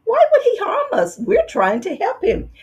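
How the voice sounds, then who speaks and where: A woman voicing a worried female mouse, the dentist's wife, in a very high, anxious voice in a storybook read-aloud. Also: wildly swooping pitch, moderate pace, darkish tone, full character voice.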